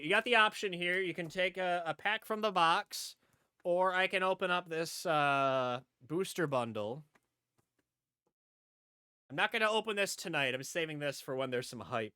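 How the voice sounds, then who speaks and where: Man, casual live-stream chatter, rambling, fairly high voice, dry sound. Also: moderate pace, bright, forceful tone, smooth, no room sound. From upstate New York. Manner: rambling, chatty, repeats himself.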